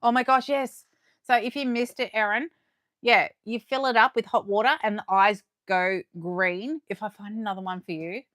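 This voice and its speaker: A young adult Australian woman hosting a live unboxing, chatting warmly and gushing as she reads comments aloud. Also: mid-range voice, normal speed, no room sound, studio quality. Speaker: livestream host.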